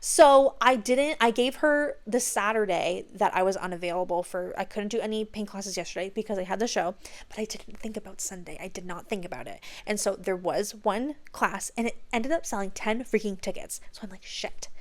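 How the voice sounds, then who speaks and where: A young adult woman hosting a podcast, telling stories in a gushing, excitable way with casual swearing. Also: mid-range voice, fairly quick. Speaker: podcast host. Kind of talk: casual chat.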